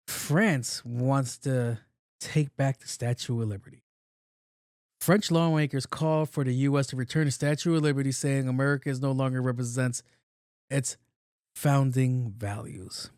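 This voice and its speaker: Podcast host, man in his late thirties, casual and profane, mid-pitched voice, dry close sound. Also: steady tone, moderate pace, darkish tone, no echo. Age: 30s. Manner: loose, profane, repeats himself. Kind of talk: casual solo podcast commentary.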